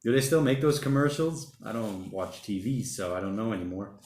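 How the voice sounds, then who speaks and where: A man's voice: on the low side, animated, normal speed, darkish tone, roomy sound. A man hosting a casual livestream, chatting loosely and reading out viewer comments in a rambling, slangy way. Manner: rambling, chatty, uses slang like mate and bloody. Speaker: livestream host. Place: home during lockdown.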